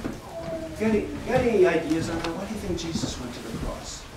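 A man teaching a children's Sunday school class, telling a Bible story slowly and with animation and asking the children questions. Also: fairly high pitch, animated. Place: church classroom. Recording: echoey room, distant mic, faint noise.

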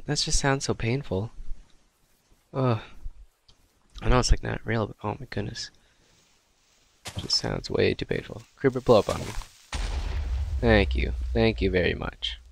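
A young man giving excitable, dramatic commentary while playing a video game and talking to characters in the game. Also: on the low side, vocal fry, slight background noise. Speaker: gameplay commentator. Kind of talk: gameplay commentary.

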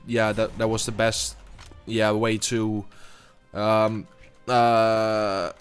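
A young man giving gameplay commentary, swearing and trash-talking opponents, muttering between loud outbursts. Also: on the low side, completely flat delivery, drawn-out words, clear, resonant tone, faint music behind. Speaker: gaming YouTuber.

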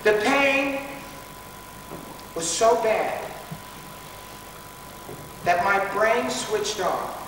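A man's voice: high-pitched, expressive, very slow, long pauses, soft background music. A man giving a dramatic personal storytelling talk to a school assembly, recorded from far off in a large hall. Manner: dramatic, rises to pleading shouts. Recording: distant echoey hall recording.

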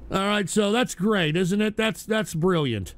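A man's voice: high voice, a little slow. A man hosting a live online radio show, ranting in exasperation and swearing at his chat. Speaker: livestream radio show host. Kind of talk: profane live stream rant.

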